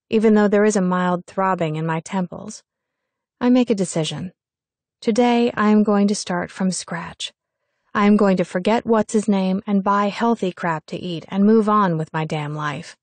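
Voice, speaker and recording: A woman's voice: medium pitch, darkish tone, no echo. A woman narrating an audiobook in the first person, telling the story in a wry, sardonic way.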